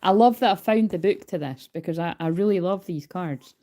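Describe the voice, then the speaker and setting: A woman's voice: fairly low pitch, brisk, warm tone, slight background noise. Woman, tarot card reader, casual livestream, chatty, swears, hyper, phone mic. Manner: chatty, swears freely, calls herself hyper.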